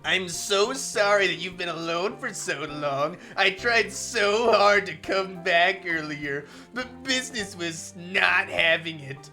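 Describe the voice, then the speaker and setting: A man voicing a gentle, doting mother in a visual novel he reads aloud, speaking slowly and softly with a grin. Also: high voice, expressive, soft background music, full character voice. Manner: slow, sweet and soft-spoken, reading with a grin.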